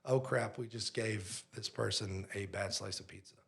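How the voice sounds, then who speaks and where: A pizzeria owner appears as a podcast guest and tells a story with lots of energy, acting out the dialogue. His voice is on the low side, with vocal fry, at a normal speed.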